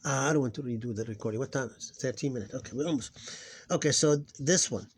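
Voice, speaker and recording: A man teaching a casual recorded lesson, often hesitating, repeating words and slowing down to sound out syllables. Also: mid-range voice, slightly rough. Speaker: Arabic teacher.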